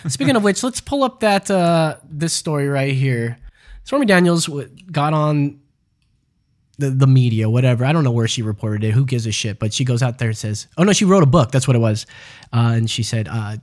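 A man's voice: medium pitch, animated, moderate pace, darkish tone. A man hosting a casual podcast, reading news stories and ranting about them with heavy profanity and mockery. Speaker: podcast host. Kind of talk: casual crude news rant.

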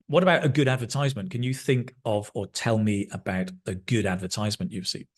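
A man's voice: lowish voice, fairly quick. A man teaching English, explaining phrases patiently one at a time and chatting with a colleague. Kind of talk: explaining vocabulary, casual chat.

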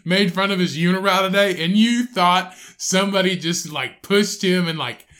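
Blunt, swearing young podcast co-host. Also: male voice, high voice, moderate pace, fairly bright tone. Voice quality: blunt and profane, grumbling. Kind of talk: crude casual banter.

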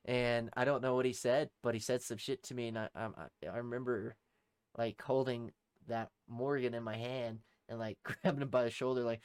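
A man's voice: medium pitch, fairly even intonation, normal speed, clean tone, dry recording. A young man, a podcast co-host and former Army private, telling a story in a casual, profane, rambling way and laughing through it.

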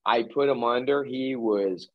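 Animated storytelling man, dull dry sound. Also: mid-range voice, unhurried, no echo. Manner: lively retelling, acting out quoted dialogue. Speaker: hypnotherapist guest.

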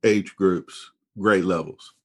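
A man's voice: low voice, fairly even intonation, slow pace, darkish tone. A man hosting an interview, asking questions and encouraging his guest with short replies. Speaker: host. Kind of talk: casual interview.

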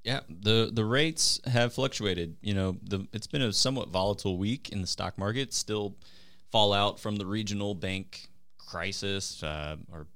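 A man co-hosting a casual show, explaining things in a relaxed way. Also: on the low side, moderate pace, no echo. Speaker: co-host, mortgage advisor. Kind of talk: casual chat.

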